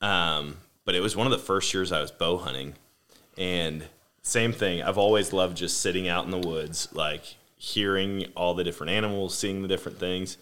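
Lower-voiced man telling hunting stories. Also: normal speed, smooth. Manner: rambling, animated anecdotes. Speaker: podcast host. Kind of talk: casual storytelling chat. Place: home room with family.

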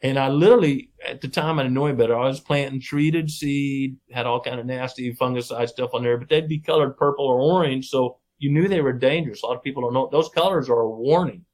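Middle-aged man, folksy interview guest, animated storyteller who acts out the people he quotes. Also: medium pitch, quick pace, few pauses. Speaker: podcast guest, wildlife researcher.

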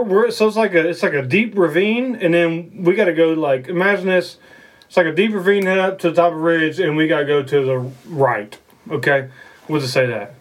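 A man telling a story on a podcast in a rambling, profane way, laughing often. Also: on the high side. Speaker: podcast co-host. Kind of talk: casual storytelling.

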